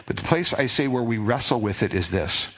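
Guy preaching in church, chatty sermon, gets louder reading scripture, mid-range voice. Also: mid-range voice, lively intonation, brisk. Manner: conversational preaching, rises when reading scripture aloud. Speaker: pastor. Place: church sanctuary.

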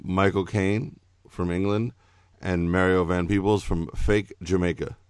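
Very deep-voiced man hosting a podcast. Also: steady tone, unhurried, darkish tone, smooth, no room sound, clean studio sound. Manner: teasing, joking, laughing. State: says he is intoxicated. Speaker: podcast host. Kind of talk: casual movie chat.

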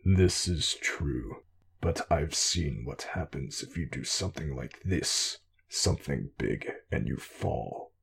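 Deep gravelly dragon villain. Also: male voice, lively intonation, full character voice. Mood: grim, menacing. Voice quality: deep gravelly rumble, slow and breathy. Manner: grunting, curt, low menace. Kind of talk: audiobook character voice.

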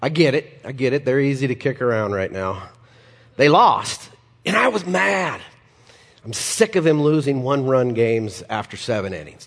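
Animated preaching man in a reverberant hall. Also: medium pitch, slightly rough. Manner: animated, humorous asides, acts out quoted lines. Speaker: pastor. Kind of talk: sermon.

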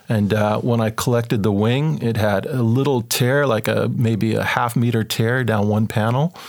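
A man's voice: lowish voice, vocal fry. A man telling an adventure story in a loose, chatty way, acting out what people said in a raised voice. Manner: animated, acts out quotes in a raised voice; loose and chatty, many fillers like "kind of" and "like". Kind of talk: casual spoken storytelling.

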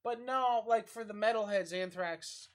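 A man's voice: high voice, a little slow. A man co-hosting a podcast, explaining things in casual chat with many fillers. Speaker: podcast co-host.

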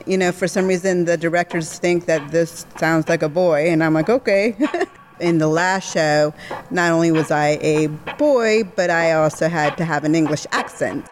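A woman who acts in radio shows, speaking in a slow, amused way. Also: sits low, a little hiss or hum. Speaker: community theater actor. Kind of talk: interview answers.

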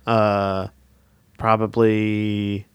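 A man's voice: lowish voice, completely flat delivery, very slow, smooth, no echo, muffled recording. A man co-hosting a podcast, rambling and swearing in playful casual banter. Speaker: podcast co-host.

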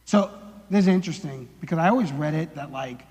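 A man's voice: a little high, a little fast, darkish tone. A male preacher giving a casual sermon, chatty and full of "like" and jokey asides. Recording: long reverb of a large hall.

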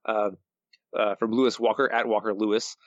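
A man's voice: fairly low pitch, little pitch movement, moderate pace, no room sound, dull audio. A man co-hosting a podcast in casual chat, dry and understated, reading listener quotes. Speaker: podcast co-host.

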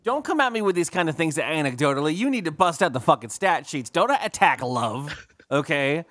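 A man's voice: on the high side, big pitch swings, a little fast, fairly bright tone. A man co-hosting a podcast, chatting casually with lots of fillers, swearing and mock indignation. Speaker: podcast co-host. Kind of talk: casual chat.

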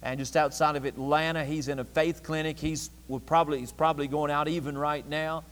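Man, preacher, high voice, emphatic repeated phrases, long church reverb. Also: little pitch movement, a little fast. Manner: emphatic, repetitive preaching cadence. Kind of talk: evening church sermon. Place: church sanctuary.

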